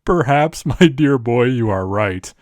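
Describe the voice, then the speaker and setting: A man's voice: medium pitch, expressive, a little slow, a little mellow, dry recording, clean studio sound, natural voice. A man voicing a pompous, formal elderly British statesman who talks down to people. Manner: formal and condescending.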